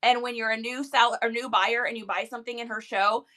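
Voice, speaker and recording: A woman hosting a live stream in casual chat, energetic and chatty with quick laughs. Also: on the high side.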